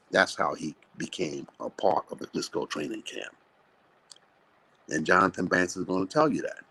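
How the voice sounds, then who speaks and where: Boxing trainer guy w a low husky voice, blunt and salty, telling stories on a live show. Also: poor audio. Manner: animated, blunt, profane storytelling.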